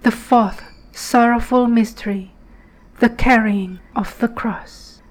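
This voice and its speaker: A woman leading a prayer, reading scripture aloud in a hushed, reverent devotional manner. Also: on the high side, fairly even intonation, a little slow, rough recording. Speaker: prayer leader.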